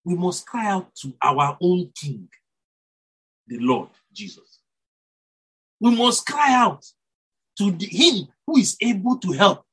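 A man's voice: high-pitched, takes it slowly, long pauses, breathy edge, low-quality recording. A man preaching a sermon, rising and dropping his voice for emphasis and correcting himself as he goes. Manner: animated, rises and drops for emphasis, self-corrects, chuckles.

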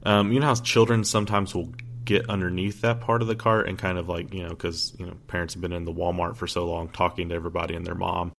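A man's voice: sits low, flat delivery, fast talker, creaky, few pauses. A young man co-hosting a podcast, telling a story in casual chat, joking and rambling with lots of fillers and restarts. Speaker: podcast co-host.

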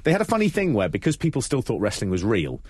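A man's voice: mid-range voice, huge pitch swings, fast talker, darkish tone, husky, no room sound, clean studio sound. A man co-hosting a casual podcast chat, sweary and jokey, often slipping into silly voices. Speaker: podcast co-host reviewing wrestling events.

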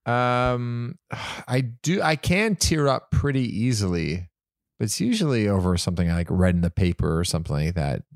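A man chatting as a guest on a podcast, stammering and quick to laugh. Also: fairly low pitch, very animated, dry recording, studio quality. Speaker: guest performer. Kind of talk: casual chat.

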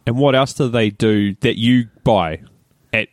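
A man, co-hosting a podcast in casual chat, teasing and jumping in quickly. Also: mid-range voice, dry recording, studio quality. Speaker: podcast co-host.

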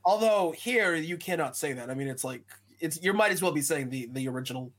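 A man's voice: a little high, lively intonation, a little fast, a bit bright, slight background noise. An American man as a podcast guest, rambling in casual chat with a self-mocking tone and many fillers.

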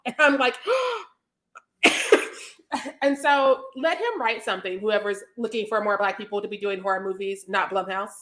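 A woman's voice: mid-range voice, moderate pace, a bit bright. A woman co-hosting a podcast in casual chat, playful and candid, laughing often. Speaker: podcast co-host.

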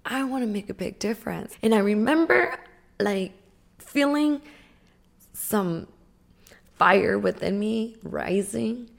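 A woman's voice: medium pitch, slow pace, creaky, pauses often. Emphatic woman telling her story. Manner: emphatic and animated, with frequent "like". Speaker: motivational speaker. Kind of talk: personal storytelling.

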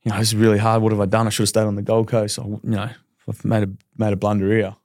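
A quick-talking Australian man in his thirties, a podcast guest, tells his story in a candid, rambling way and acts out the quotes. His voice sits a little low. The sound is dry and close. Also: monotone, a little mellow, no room sound. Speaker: podcast guest, professional footballer. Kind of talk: casual podcast interview.

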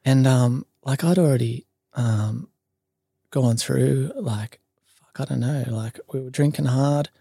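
A man's voice: mid-range voice, slow, vocal fry, dark tone, breathy edge, dry recording, clean studio sound. An Australian man telling a long story in casual chat, full of ums, likes and swearing. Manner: rambling, many ums and likes, swears freely. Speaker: podcast guest.

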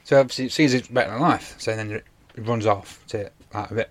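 A man's voice: lowish voice, a little fast. A man, casually retelling a TV episode on a podcast, rambling with many fillers. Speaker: podcast co-host. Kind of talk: casual chat.

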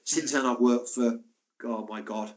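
An older man, a former footballer and physio, telling lively stories as a podcast guest and acting out the people in them. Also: medium pitch, unhurried. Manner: lively, acts out the voices in his stories; chatty, frequent asides like "mate" and "and that". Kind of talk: anecdotal storytelling.

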